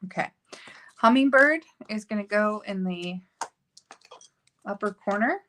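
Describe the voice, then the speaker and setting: A woman's voice: mid-range voice, lively intonation, measured pace, a bit bright, slight background noise. A woman hosting a card-making video, chatting casually and thinking aloud as she works. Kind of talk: casual crafting tutorial chat.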